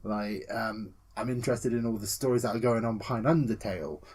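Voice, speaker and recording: A man co-hosting a casual gaming podcast, excitable and swearing freely, acting out scenes with yelps and laughter. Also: lowish voice, fairly quick, slightly rough. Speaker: podcast co-host.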